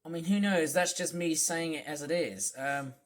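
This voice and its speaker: A gaming video host giving rambling commentary, halting with many fillers and restarts, and trailing off quietly at the ends of phrases. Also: medium pitch.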